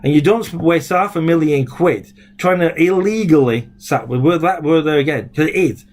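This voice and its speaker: A man's voice: on the high side, moderate pace, few pauses, a little mellow. A man, a former local councillor, talking indignantly in a rambling video blog full of fillers and restarts. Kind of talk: casual video blog rant.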